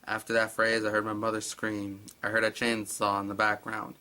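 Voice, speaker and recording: A man's voice: on the low side, completely flat delivery, moderate pace. A man reading a creepy story aloud and breaking off with sarcastic, exasperated comments. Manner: sarcastic, exasperated asides between hushed reading. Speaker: narrator.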